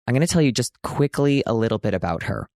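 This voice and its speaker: A man's voice: mid-range voice, expressive, fast talker, darkish tone, no room sound, clean studio sound. A man in his thirties hosting a casual podcast from a hotel room, chatty and self-mocking, now and then jumping into a big dramatic announcer voice. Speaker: podcast host.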